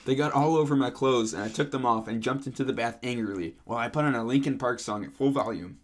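A young man co-hosting a podcast, reading fan fiction aloud in a deadpan way. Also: mid-range voice, quick pace. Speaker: podcast co-host.

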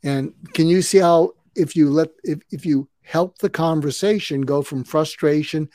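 Calm older man in his seventies. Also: on the high side, moderate pace, no echo. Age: 70s. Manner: calm, advice-giving, acts out sample dialogue. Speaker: conflict coach. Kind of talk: podcast interview guest.

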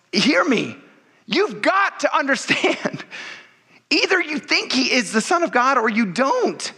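Pastor guy preaching, jokey and chatty, bright high voice that bounces around a lot. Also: big pitch swings, a little slow, breathy edge. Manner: conversational, joking, emphatic. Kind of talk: sermon.

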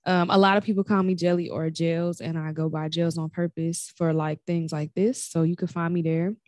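A woman's voice: fairly low pitch, level tone, normal speed, darkish tone, dry recording, clean studio sound. A young adult woman with a Chicago accent, a guest on a casual podcast, laid-back and candid.

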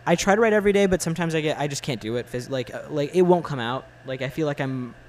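A man in his twenties in casual chat about films, halting and blunt, with lots of fillers. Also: fairly high pitch, animated, poor audio. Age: 20s. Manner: halting, full of "like" and "uh", blunt opinions. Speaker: film fan in conversation.

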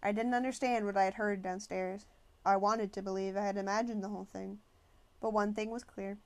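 A woman's voice: medium pitch, steady tone, fairly quick, darkish tone. Woman reading a novel aloud. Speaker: audiobook narrator. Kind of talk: first-person novel narration.

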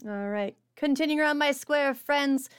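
A woman's voice: high voice, moderate pace. A woman hosting a tabletop game stream as its game master, chatty and stumbling over her words. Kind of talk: tabletop stream intro and announcements.

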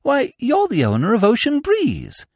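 Narrator as a chirpy young gentleman, raised pitch, lively, dry close sound. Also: vocal fry, dry recording, exaggerated voice. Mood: breezy. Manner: brisk, bright, upper-class chatter. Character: cheerful young gentleman, breezy and chatty.

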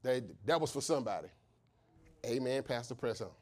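A man preaching a sermon, impassioned and shouting at the peaks, asking questions and answering them himself, and telling stories with acted voices. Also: medium pitch, animated, a little fast. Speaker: pastor.

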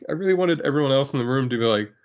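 A man's voice: medium pitch, lively intonation, quick pace, muffled recording. A man co-hosting a casual comics podcast, joking and laughing along. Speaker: podcast co-host.

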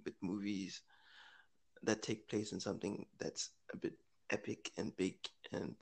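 A man's voice: on the low side, little pitch movement, measured pace, creaky. A man co-hosting a casual podcast chat, musing aloud, correcting himself and laughing easily. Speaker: podcast co-host.

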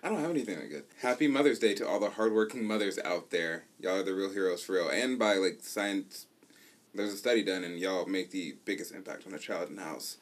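A man in his twenties co-hosting a podcast in casual chat, animated and playful, laughing often. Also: deep voice, brisk. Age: 20s. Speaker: podcast co-host.

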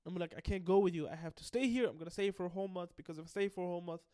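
A blunt, foul-mouthed young swordsman, as a man retelling a cartoon puts him on. His voice sits fairly high and he talks in short, brusque bursts. The sound is close and dry. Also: very fast, warm tone, clear, resonant tone, dry recording, natural voice. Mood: refusing. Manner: crude, swearing, brusque.

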